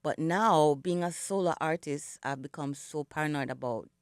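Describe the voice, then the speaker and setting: The middle-aged Jamaican singer's voice sits low, clear and resonant, moving at a moderate pace as she reflects in a radio studio interview. Her storytelling is full of "you know," and her morning voice isn't warmed up yet. It's a dry recording with clean studio sound.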